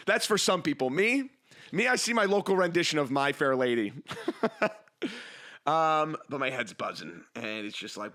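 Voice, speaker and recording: A man's voice: fairly high pitch, expressive, moderate pace, bright, forceful tone. A young man hosting a casual solo podcast, rambling and self-mocking as he jumps between tangents. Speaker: podcast host.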